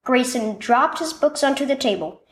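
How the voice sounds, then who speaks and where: A woman reading a scripted children's devotional story with expressive storytelling. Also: sits high, normal speed. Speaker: devotional narrator.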